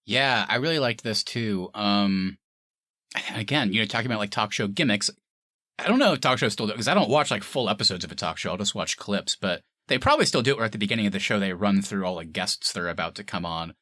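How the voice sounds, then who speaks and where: Animated man with a bright voice. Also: fairly low pitch, fast, dry recording, clean studio sound. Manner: animated, acts out scenes in quoted voices, laughs often. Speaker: podcast co-host reviewing a film. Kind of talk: casual chat.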